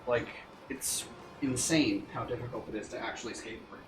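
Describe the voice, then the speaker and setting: A man guesting on a live stream, chatting casually in a relaxed, halting way. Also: medium pitch, music in the background.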